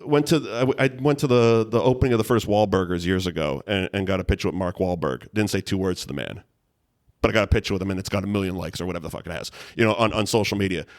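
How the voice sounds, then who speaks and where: A man's voice: low voice, rapid-fire. A man, a guest telling long, rambling anecdotes in casual chat, full of restarts and laughs. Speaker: guest storyteller.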